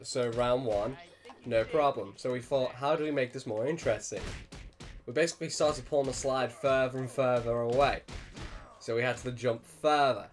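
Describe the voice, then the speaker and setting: A man's voice: mid-range voice, moderate pace. A young man telling a funny childhood anecdote with lots of laughter. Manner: animated storytelling with frequent laughter. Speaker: let's play host. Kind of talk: casual anecdote.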